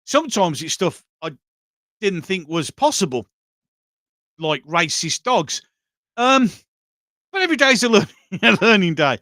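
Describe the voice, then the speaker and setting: A man's voice: sits high, sing-song, measured pace, long pauses, bright, forceful tone, no echo, clean studio sound. A middle-aged man with a Birmingham accent, hosting a casual livestream chat, blunt and bawdy, often laughing. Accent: Birmingham (Brummie). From England. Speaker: livestream host reading chat.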